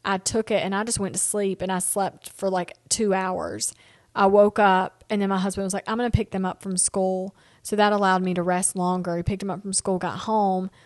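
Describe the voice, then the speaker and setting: A woman's voice: medium pitch, flat delivery, normal speed, no room sound, studio quality. A middle-aged woman tells a long personal story on her solo podcast. She is tired and yawning, rambling and talking straight to her listeners. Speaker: podcast host.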